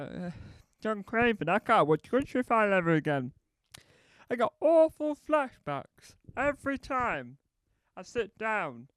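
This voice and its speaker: A man's voice: sits high, fairly bright tone, clean tone, no echo. A man doing stand-up comedy, telling a meandering anecdote that keeps correcting itself and acting out both sides of conversations.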